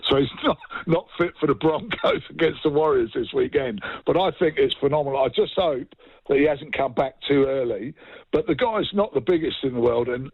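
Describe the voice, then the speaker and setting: Brief: animated man from England, ranting football pundit, slightly high voice, muffled dry line. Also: husky, no room sound. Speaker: sports pundit. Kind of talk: sports radio banter.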